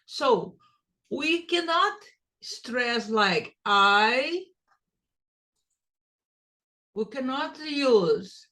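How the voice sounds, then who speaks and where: A woman's voice: sits high, lively intonation, very slow, bright, forceful tone. A woman teaching English pronunciation, repeating phrases to show stress and rhythm. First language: Portuguese. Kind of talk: pronunciation lesson.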